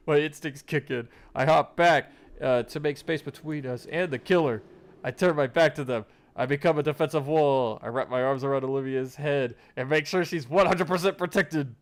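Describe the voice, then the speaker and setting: A man's voice: a little high, moderate pace. Casual young man reading a game aloud. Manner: casual, stumbles and rereads lines. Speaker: gamer reading a visual novel aloud. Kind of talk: let's play narration, reading game text.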